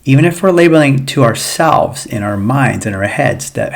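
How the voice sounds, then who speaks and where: A man's voice: medium pitch, expressive, moderate pace, creaky, few pauses. A man, a physical therapist, talking to viewers in a casual, earnest coaching monologue about feeling emotions in recovery. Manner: earnest, repetitive, coaching tone addressing viewers as guys. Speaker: physical therapist giving pain recovery advice. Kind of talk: casual educational monologue to camera.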